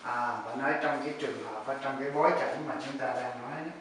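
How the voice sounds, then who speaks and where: A man's voice: medium pitch, very fast, a bit bright, very echoey, distant mic, a little hiss or hum, rough recording. A man whose first language is Vietnamese, hosting and interpreting an English lesson, explaining the teacher's points to the students. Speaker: host and interpreter.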